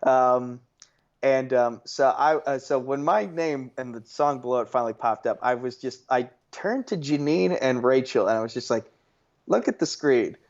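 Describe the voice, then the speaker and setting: A man's voice: medium pitch, moderate pace, a little mellow. A young man co-hosting a podcast, rambling through a story in casual chat and correcting himself as he goes. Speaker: podcast co-host. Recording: slightly dull, lo-fi sound.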